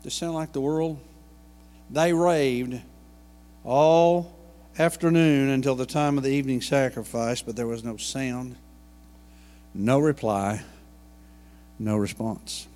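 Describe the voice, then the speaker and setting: A man's voice: mid-range voice, slow, pauses often, darkish tone, in a large hall. A man preaching a sermon and retelling a Bible story in a folksy way, full of asides and homey jokes. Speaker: pastor. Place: church sanctuary.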